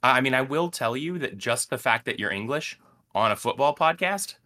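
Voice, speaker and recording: Bright-voiced joking male podcast host. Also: mid-range voice, lively intonation, brisk. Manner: joking, upbeat, teasing. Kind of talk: casual sports podcast chat.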